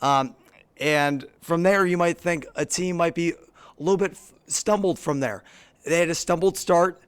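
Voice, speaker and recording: Hoarse man co-hosting a sports podcast. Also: fairly high pitch, normal speed. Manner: play-by-play recap, addresses co-host by name. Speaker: podcast co-host. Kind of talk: casual sports chat. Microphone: studio microphone.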